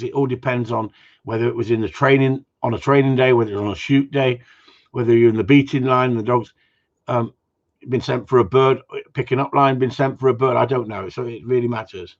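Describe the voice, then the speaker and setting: A man who trains gundogs, answering viewer questions in a blunt, rambling way with casual swearing. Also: mid-range voice. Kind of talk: casual Q and A chat. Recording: dull lo-fi sound.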